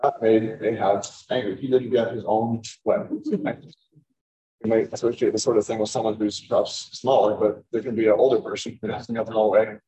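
A man's voice: fairly low pitch, little pitch movement, normal speed, warm tone, rough recording. A man giving a sermon on scripture in a conversational way, often repeating words as he finds them. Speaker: preacher. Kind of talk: sermon, Bible teaching.

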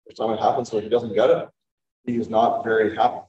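A man's voice: fairly low pitch, level tone, fast talker, muffled recording, a crowd in the background. A man giving a sermon on scripture in a conversational way, often repeating words as he finds them. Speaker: preacher. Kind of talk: sermon, Bible teaching.

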